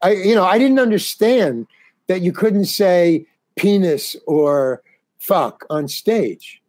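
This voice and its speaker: A man's voice: high-pitched, slow, darkish tone, no room sound. Older man rambling through comedy stories. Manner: rambling, restarts, acts out quoted dialogue. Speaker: comedian guest. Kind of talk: casual storytelling interview.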